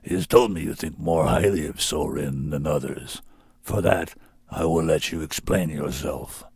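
A man growling as a huge, gruff, slow-talking beast. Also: very deep voice, a little mellow, dry recording, voice pushed down, heavily acted.

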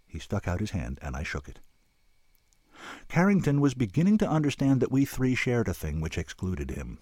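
A man narrating a first-person audiobook in an expressive storytelling manner. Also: rumbling low, moderate pace, slightly rough, no room sound, clean studio sound.

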